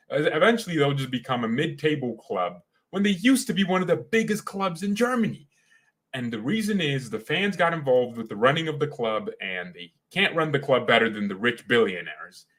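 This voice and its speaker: Opinionated male football fan, bright voice. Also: mid-range voice. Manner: opinionated, rambling, slangy. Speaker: fan channel host. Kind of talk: casual live match watchalong commentary.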